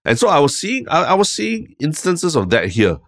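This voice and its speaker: A man with a Singaporean English accent, co-hosting a podcast in casual chat, telling stories in a relaxed, rambling way with frequent "lah". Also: a little high, normal speed, no echo, clean studio sound. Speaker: podcast co-host.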